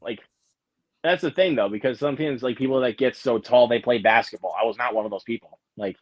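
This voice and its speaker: A man's voice: mid-range voice, fairly quick, dry recording. Young man, casual stream host, rambling with fillers, dry close sound, muffled lo-fi mic. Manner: rambling, many fillers and restarts. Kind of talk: casual live-stream chat.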